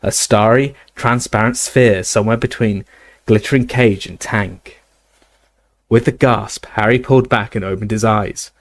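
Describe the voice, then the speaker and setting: A man's voice: on the low side, unhurried, no room sound. Man casually reading aloud a novel. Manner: steady reading with occasional slips and restarts. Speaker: audiobook reader. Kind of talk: casual audiobook narration.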